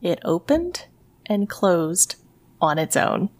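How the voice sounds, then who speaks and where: A woman from Tennessee who hosts a ghost story podcast, telling a story in casual chat, animated and sweary with lots of "like". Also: lowish voice, slow.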